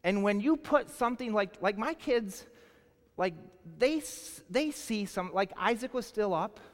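A male pastor in his forties preaching a sermon, telling a personal story in an animated, casual way full of "like". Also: high voice, measured pace. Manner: animated storytelling, colloquial, lots of "like". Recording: long hall reverb.

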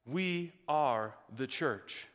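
A man's voice: mid-range voice, animated, drawn-out words, fairly bright tone, long reverb tail. A man pastor delivering a sermon with folksy asides, building to emphatic, rising passages.

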